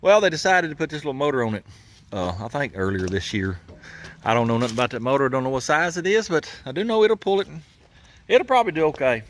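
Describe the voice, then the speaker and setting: A man's voice: on the high side, lively intonation, fast. A man hosting a garage channel, talking folksy and casual while he works, chuckling and grumbling about how things are built.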